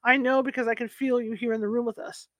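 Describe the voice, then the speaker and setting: A woman's voice: on the high side, little pitch movement, quick pace, dry recording, close to an everyday voice. A woman voicing a worried young mother who speaks earnestly and pleadingly, in a storybook reading. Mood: defiant.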